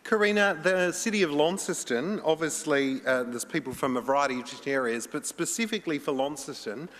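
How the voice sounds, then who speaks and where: A man's voice: on the high side, brisk, fairly bright tone. A man moderating a conference panel in an upbeat, playful way. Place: large conference hall. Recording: long hall reverb.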